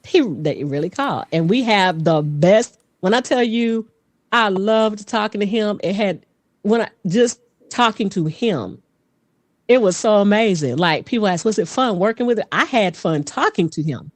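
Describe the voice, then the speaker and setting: A woman guest who is a vocal coach and voice actor, telling stories in a lively casual way, often laughing and dropping into voices. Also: medium pitch, measured pace, dry recording. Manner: animated, laughs often, slips into character voices. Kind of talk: casual podcast storytelling.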